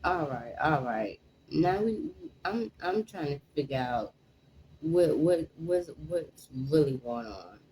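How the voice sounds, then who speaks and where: A woman's voice: sits low, expressive, slow pace, a little mellow, a little hiss or hum, poor audio. A woman hosting a reaction video, giving casual commentary in an exasperated, incredulous way and repeating herself.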